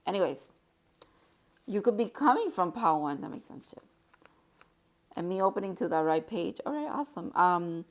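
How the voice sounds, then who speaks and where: A woman doing a casual tarot card reading for her viewers, excitable and gushing, now and then reading card text aloud more softly. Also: lowish voice. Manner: excitable and gushing, exclaiming often; reads card text aloud in a slower, softer voice. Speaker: tarot reader.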